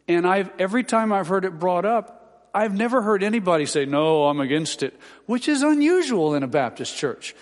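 Male Baptist pastor, slightly high voice, folksy, rambling announcements full of fillers and wry jokes; long church reverb. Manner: rambling and homespun, with many fillers and dry humorous asides. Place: large church sanctuary.

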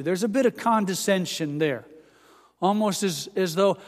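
A man preaching a sermon, earnest and measured, pausing dramatically around quotes. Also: high voice. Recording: long hall reverb.

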